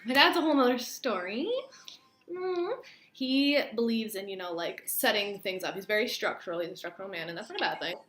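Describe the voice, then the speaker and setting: A woman's voice: medium pitch, animated, brisk, fairly bright tone. A young adult woman telling a personal story in casual, chatty storytime style, full of "like" fillers. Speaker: vlogger. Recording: roomy echo, faint room noise.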